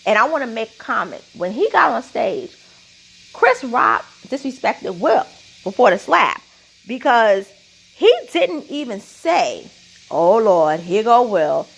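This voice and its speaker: Woman, opinion commentary, emphatic, slow deliberate pace, lively pitch, gravelly husky voice. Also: rough recording. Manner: emphatic, repeats points with "okay?".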